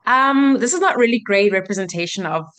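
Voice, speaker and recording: A young woman from South Africa, appearing as a guest, chats in a relaxed interview. Her voice sits at a middle pitch. She talks chattily and fills her sentences with "like". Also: brisk. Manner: chatty, uses "like" a lot. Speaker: actress, guest. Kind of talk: casual interview chat.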